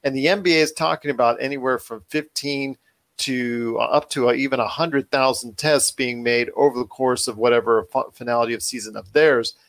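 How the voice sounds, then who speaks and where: A man's voice: medium pitch, steady tone, fairly quick, fairly bright tone. A man hosting a casual sports talk show, speaking earnestly and often repeating himself as he argues a point. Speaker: podcast host.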